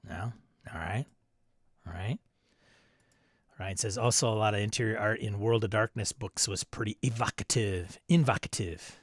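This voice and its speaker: A man's voice: on the low side, moderate pace, long pauses, slightly rough, no room sound. Chatty male stream host, dry sound. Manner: reads chat messages aloud, chuckling and riffing. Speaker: host of a live stream show. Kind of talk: casual live-stream chat reading viewer comments.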